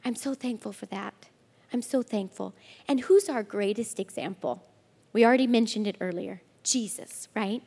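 Woman preaching in a reverberant hall. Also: a little high. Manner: earnest, emphatic, slows for scripture, drops to near-whispers. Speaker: women's ministry speaker. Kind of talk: sermon.

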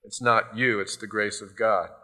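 A man's voice: lowish voice, fairly even intonation, normal speed, pushed and bright. A male pastor giving a sermon in a loose, conversational storytelling way, often adding "you know".

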